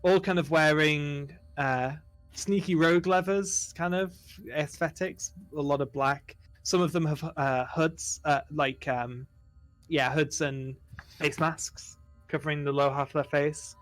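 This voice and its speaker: A man's voice: fairly high pitch, fairly even intonation, unhurried, fairly bright tone, dry recording, faint music behind. A man running a tabletop game as game master, narrating in a rambling way full of fillers.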